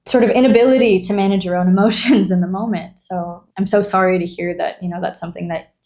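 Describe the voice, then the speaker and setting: A woman hosting an interview, speaking gently and supportively in a measured way. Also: mid-range voice. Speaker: interview host. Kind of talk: empathetic interview conversation.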